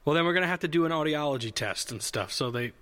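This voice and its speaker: A man with a bright, forceful voice and a slightly high pitch, telling a rambling comedic story in an easy, casual way. He corrects himself mid-sentence, circles back often and swears without a second thought. The sound carries a long hall reverb. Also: lively intonation, fast talker.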